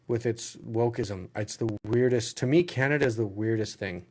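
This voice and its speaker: A man's voice: fairly low pitch, normal speed, hardly any pauses, a little mellow. A man hosting a casual livestream Q&A, reading out viewer questions and answering them bluntly as he thinks aloud. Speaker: livestream Q&A host.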